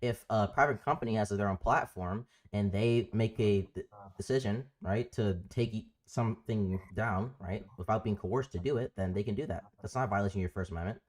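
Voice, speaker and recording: A man hosting a live political debate stream, arguing his points and cutting in with quick restarts. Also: lowish voice. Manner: argumentative, quick interruptions and restarts. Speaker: livestream debate host.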